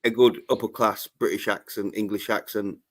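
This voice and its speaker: A man's voice: lowish voice, fairly even intonation, normal speed, a crowd in the background. A man hosting a casual livestream chat, swearing freely and reading out viewer comments. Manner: crude, swears freely, reads chat aloud. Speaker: livestream host.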